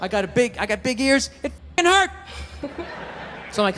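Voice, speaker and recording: A man's voice: high voice, huge pitch swings, fairly quick, noisy background. A man doing a stand-up comedy set on stage in front of a live audience, telling a profane story that builds into ranting outbursts.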